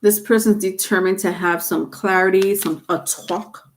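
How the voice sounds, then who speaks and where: A woman's voice: medium pitch, steady tone, measured pace, slight background noise. A woman giving a live-streamed tarot reading, rambling with many fillers and restarts. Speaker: tarot reader.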